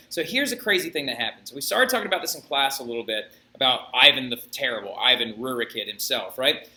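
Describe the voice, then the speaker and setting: Male teacher, animated storytelling lecture, very bright voice, echoey room. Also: medium pitch. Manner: animated, storytelling, keeps checking with "right?". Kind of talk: classroom history lecture.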